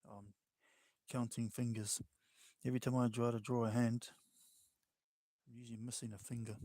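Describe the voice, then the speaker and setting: A livestreaming artist with a New Zealand accent chats casually as he draws, relaxed and talkative, calling his viewers bro. His mid-range voice is mellow and level, at a moderate pace with no echo.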